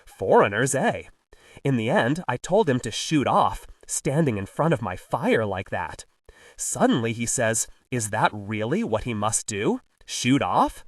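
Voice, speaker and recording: A short, wiry porter gossips in a chatty, animated way in an audiobook, voiced by a male narrator. His delivery swings lively in pitch, a touch higher than plain reading. The sound is dry and set back from the mic. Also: measured pace, no room sound, far from the mic. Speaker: college porter.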